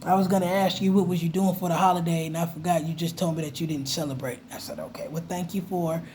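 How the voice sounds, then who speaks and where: A woman vlogging in a casual, animated way about her faith, laughing and mimicking voices as she tells stories. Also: fairly low pitch, quick pace, slight background noise. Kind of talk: casual faith talk to camera.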